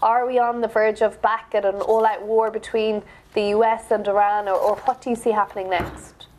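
A woman news anchor reading reports and moderating a panel discussion in a brisk, friendly way. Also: mid-range voice, little pitch movement, a little mellow.

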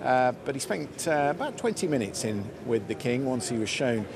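A male news presenter on a live broadcast, asking questions briskly in a conversational way and describing the day's events from a city street. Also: mid-range voice, sing-song, vocal fry. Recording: outdoor broadcast with crowd noise. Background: crowd chatter and passing traffic.

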